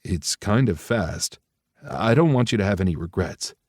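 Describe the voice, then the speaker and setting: A man voicing a gentle, bashful grown man in love, speaking softly and hesitantly in an audiobook. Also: lowish voice, expressive, normal speed, dry recording, studio quality. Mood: earnest. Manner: soft, hesitant, subdued.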